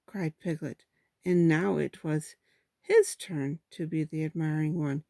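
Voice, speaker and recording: A woman reading a children's storybook aloud in a steady, gentle way, with small slips. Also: deep voice, a little slow, creaky, no room sound.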